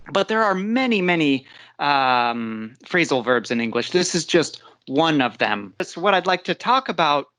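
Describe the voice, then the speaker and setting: An English teacher leading a live online class, talking slowly and patiently and often restarting a sentence. The voice sits at an ordinary pitch, and the sound is close and dry with no room around it. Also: fairly bright tone, no echo. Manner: slow, patient explaining with frequent restarts. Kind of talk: live online language lesson.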